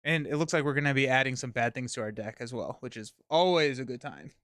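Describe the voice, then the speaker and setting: An upbeat man hosts a card game live stream, his voice smooth and clean. The sound is close and dry. He chats quickly and laughs easily. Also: mid-range voice, expressive, a bit bright, dry recording. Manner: upbeat, laughs often, talks fast in bursts. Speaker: host. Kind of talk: casual chat about a card game stream.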